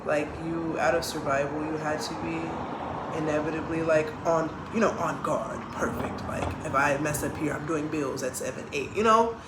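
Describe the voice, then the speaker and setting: A young woman from the Bay Area, co-hosting a casual family podcast and growing loud and animated when telling stories. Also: low-pitched, moderate pace. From San Francisco Bay Area. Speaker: podcast co-host. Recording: echoey room, faint background hiss.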